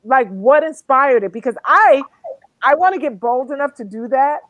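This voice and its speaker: A woman co-hosting a casual online talk show, lively and chatty, often talking over her co-host. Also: high voice, moderate pace, no room sound.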